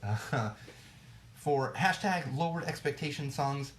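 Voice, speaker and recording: A man's voice: medium pitch, lively intonation, moderate pace, slight background noise. A man hosting a podcast, ranting casually and bluntly, with plenty of swearing, fillers and restarts. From United States. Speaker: podcast host. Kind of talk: casual solo rant. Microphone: livestream mic.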